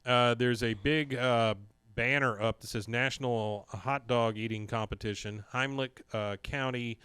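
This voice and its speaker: A man in a casual podcast chat walks through an episode scene by scene, his voice smooth and clean. The sound is dry and close, with no room around it. He talks at a middling pitch and slips into quick character bits now and then. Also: dry recording. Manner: animated retelling, briefly mimics characters' lines. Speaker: podcast co-host. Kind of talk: casual recap of a cartoon episode.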